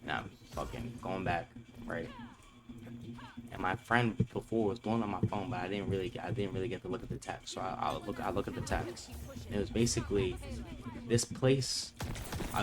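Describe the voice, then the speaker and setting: A man's voice: lowish voice, very noisy. A young man casually telling a storytime vlog, swearing freely and acting out the people he quotes. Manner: profane, animated retelling with quoted voices. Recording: music playing clearly behind.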